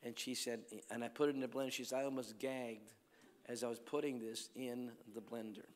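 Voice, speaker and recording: A man's voice: mid-range voice, level tone, brisk. Preaching man in a reverberant hall. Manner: storytelling, swings from loud calls to hushed lines. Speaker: evangelist preacher. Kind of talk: healing crusade sermon.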